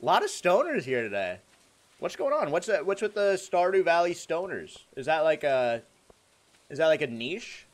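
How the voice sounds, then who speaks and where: A young man streaming a game, chatting casually with his viewers in a joking, animated way and laughing often. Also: fairly high pitch, normal speed. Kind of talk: casual livestream chat, reacting to chat.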